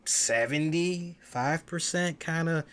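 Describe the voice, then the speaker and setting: A man talking through a wrestling review in a loose, casual way. His voice sits fairly high for a man. He gets animated, swears freely and stumbles over repeated words as he starts a thought. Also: takes it slowly, clear, resonant tone. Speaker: wrestling show host.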